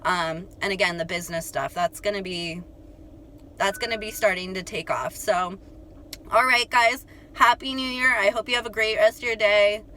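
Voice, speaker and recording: A young woman telling a story to her viewers in a chatty, animated way, full of "like" and "you guys". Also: medium pitch, moderate pace, slight background noise. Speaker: astrology channel host.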